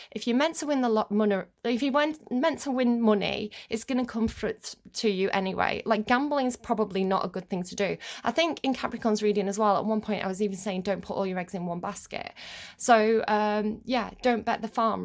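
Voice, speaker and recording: A young woman, a tarot reader, chatting casually and rambling with many fillers, swearing when annoyed. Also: medium pitch. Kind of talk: casual chat to camera.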